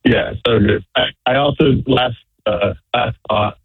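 A man calling in to a radio show over a tinny phone line, his voice husky and dry. He speaks haltingly, padding his thoughts with fillers. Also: medium pitch, steady tone, no echo. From Portland, Oregon. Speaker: caller. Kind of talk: call-in radio chat.

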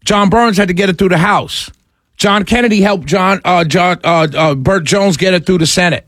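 A man's voice: sits high, moderate pace, a bit bright, no room sound. A man hosting a call-in talk radio show from a studio, ranting with exasperation and firing off rhetorical questions.

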